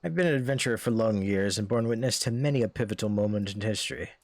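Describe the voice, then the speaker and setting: A man's voice: on the low side, fast talker, no echo, studio quality, lightly acted. A man reading as a solemn veteran adventurer. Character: wise veteran male adventurer, calm mentor.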